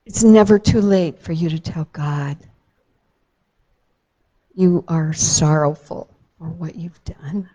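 A woman tells a Bible story to a child in a gentle, unhurried way. She leans into key moments with dramatic emphasis, then softens again. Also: low-pitched, low-quality recording.

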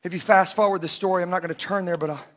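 A middle-aged male pastor preaching a sermon, telling stories with animated energy and bursts of shouting. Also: high voice, rapid-fire. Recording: long hall reverb.

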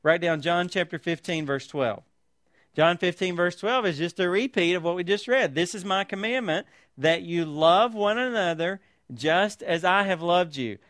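High-voiced preacher man, dry sound. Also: moderate pace, a bit bright, no echo. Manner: preaching with rhetorical tag questions; reads scripture aloud with emphasis. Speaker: pastor. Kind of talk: sermon.

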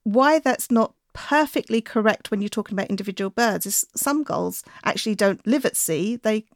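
A woman talking casually as a guest on a podcast, explaining things in a relaxed, friendly way. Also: medium pitch, moderate pace, no echo, clean studio sound. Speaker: bird enthusiast guest.

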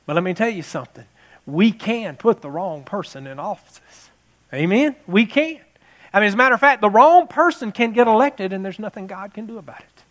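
A man's voice: sits high, expressive, fairly quick, a bit bright. A man preaching a sermon in a conversational storytelling way, repeating phrases and building to passionate emphasis. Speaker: pastor.

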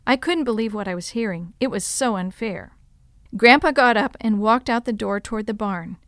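A woman reading a story aloud in measured, expressive narration, dropping to a hush in tense passages. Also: medium pitch, no echo, studio quality.

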